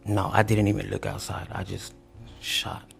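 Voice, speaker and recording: A man with a low voice and a gravelly, creaky texture. He speaks haltingly in a police interview, with many restarts and fillers. When he quotes others his voice goes loud and high. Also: monotone, slight background noise. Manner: acts out quotes loudly, high and tense. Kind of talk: recorded police interview testimony.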